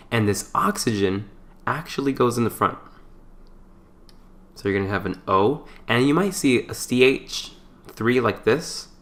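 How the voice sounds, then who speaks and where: A man with a somewhat low voice walks through a chemistry problem like a tutor at a whiteboard. He keeps it loose and conversational, tossing in jokey asides and correcting himself along the way. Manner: relaxed and chatty, with playful asides and small stumbles. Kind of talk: casual whiteboard lecture.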